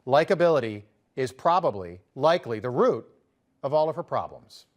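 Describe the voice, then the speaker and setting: A man's voice: medium pitch, very animated, moderate pace. A man hosting a political commentary show, talking in a conversational, emphatic way with sarcastic asides.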